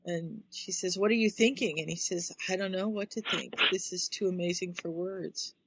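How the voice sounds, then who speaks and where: A woman's voice: fairly low pitch, fairly even intonation, moderate pace, gravelly, fairly bright tone, slightly rough, no room sound, low-quality recording. A woman in a casual book discussion, retelling scenes and acting out the characters' lines.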